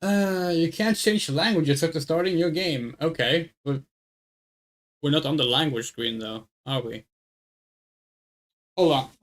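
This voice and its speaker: This woman's low-pitched voice moves at a measured pace with frequent pauses as she streams a game. She chats casually, thinks aloud over her options, rambles, and calls herself "we."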